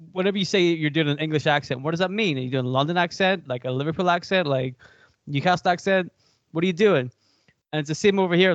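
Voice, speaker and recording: A man with an Irish accent chatting casually as a podcast co-host, rambling in an animated way. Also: fairly high pitch, no echo, lo-fi sound. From Ireland. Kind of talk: casual chat.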